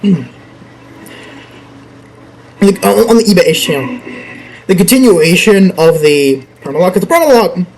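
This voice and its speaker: A young man with a high voice talks casually over his game, rambling from thought to thought and breaking into laughter. A faint hum of noise sits under his mic. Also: big pitch swings, unhurried, long pauses, darkish tone, low-quality recording. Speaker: gameplay YouTuber. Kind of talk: casual gameplay commentary.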